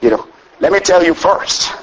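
A fearless, faithful young shepherd boy, confident and casual, as a preacher man acts him out in his own high voice. The figure is retold in a lively sermon story. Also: moderate pace, a little hiss or hum, natural voice, poor audio.

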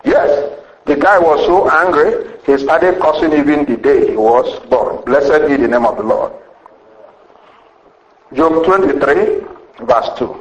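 Preacher guy, pretty high voice, emphatic sermon, echoey room. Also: animated, unhurried, muffled recording. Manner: emphatic preaching with rhetorical questions and a repeated refrain.

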